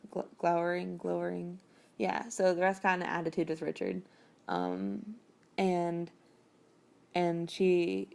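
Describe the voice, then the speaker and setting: A woman's voice: on the low side, vocal fry, darkish tone, smooth. A woman casually recapping a novel chapter, rambling and chatty, with plenty of fillers and casual swearing. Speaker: podcast host recapping a novel.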